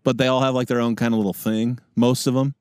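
A man's voice: medium pitch, level tone, fast, darkish tone, smooth, no echo, clean studio sound. A man with a slight Midwestern American accent, co-hosting a podcast in an easygoing, chatty way. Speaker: podcast co-host. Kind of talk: casual chat.

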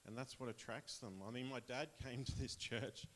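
A man's voice: mid-range voice, steady tone, normal speed, fairly bright tone, a little hiss or hum. An Australian man casually sharing a personal testimony with his church, chatty and rambling, often laughing.

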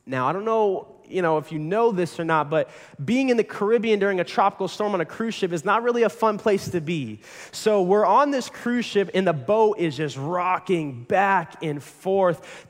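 A young adult male pastor preaching a sermon, telling stories with dramatic swings between loud passages and hushed ones. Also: on the high side, big-room sound.

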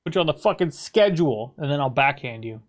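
Brief: young American man, slightly high voice. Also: lively intonation, fast. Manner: teasing, swears freely. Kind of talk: casual banter over voice chat. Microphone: online voice chat.

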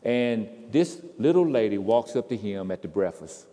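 A man preaching a sermon, swinging from quiet storytelling to loud, impassioned crescendos. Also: fairly low pitch, animated, normal speed. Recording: reverberant hall.

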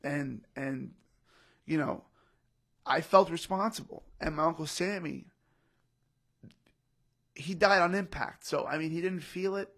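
Fairly high and a bit bright, with vocal fry, a measured pace and long pauses, this young comedian's voice carries an emotional personal story on a podcast. The chat is casual; he repeats himself and says "bro" and "literally" often.

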